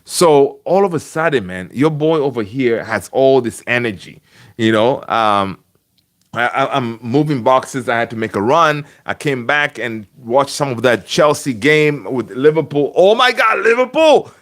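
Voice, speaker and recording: A man's voice: mid-range voice, unhurried, a bit bright. A man hosting a casual football fan livestream from home, chatty and rambling, greeting viewers and answering the chat. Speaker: fan channel host. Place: home room.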